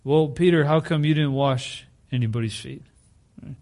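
A man's voice: on the high side, moderate pace, darkish tone. A male pastor giving a sermon in a conversational way, often putting rhetorical questions to the congregation.

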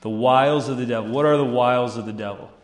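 A man preaching a sermon, telling a story with lively acted-out voices and asking the listeners rhetorical questions. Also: mid-range voice, fast. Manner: animated storytelling, acts out characters, asks rhetorical questions. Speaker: pastor. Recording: echoey room.

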